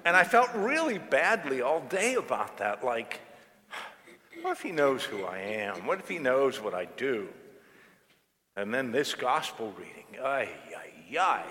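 A man preaching a sermon like someone telling a story, relaxed and unhurried. His voice sits mid-range and carries a long reverb around the church. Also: mid-range voice. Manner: storytelling, conversational, animated. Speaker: pastor.

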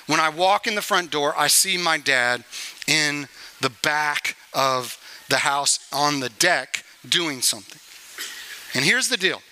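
A man's voice: a little high, animated, slow pace, sharp tone, clean tone, low-quality recording. A man in his forties, a senior pastor, preaching a sermon and telling a family story, acting out pleading voices along the way.

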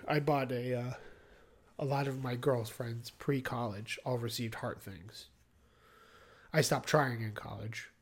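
A man's voice: mid-range voice, breathy edge. A man co-hosting a podcast, recapping a TV episode in a joking, offhand way with plenty of fillers. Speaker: podcast co-host. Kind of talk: casual chat recapping a TV episode.

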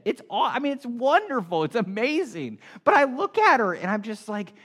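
Lively, high-voiced man preaching. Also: normal speed, hardly any pauses, slightly rough. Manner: animated, conversational preaching with acted-out asides. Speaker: pastor. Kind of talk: sermon.

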